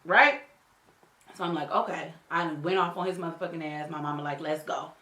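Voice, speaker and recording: A woman's voice: deep voice, steady tone, fairly quick, pushed and bright. A woman beauty vlogger telling a personal story in a casual, slangy, profane way while doing her makeup, often checking in with the viewer. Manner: talks straight to the viewer with frequent check-ins. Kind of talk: storytelling during a makeup tutorial. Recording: echoey room.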